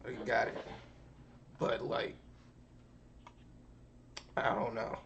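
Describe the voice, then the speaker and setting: A young man streaming from his computer, ranting in an animated, profane, skeptical way, full of restarts. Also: medium pitch, very slow, dull audio, slight background noise. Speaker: streamer reacting to movie news. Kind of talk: casual rant on stream.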